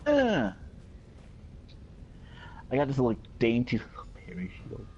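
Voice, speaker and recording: A man's voice: mid-range voice, huge pitch swings, slow, a little mellow, muffled recording, slight background noise. A man streaming a game, chatting casually and telling goofy, joking stories. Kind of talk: casual gaming stream chat.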